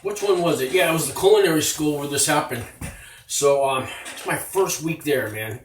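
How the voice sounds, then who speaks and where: A man's voice: on the high side, moderate pace, recorded from a distance. A man in his fifties telling a prison story in a rambling, profane, casual way, recorded on a tablet. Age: 50s. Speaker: former inmate vlogger. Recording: roomy, off-mic, with faint noise.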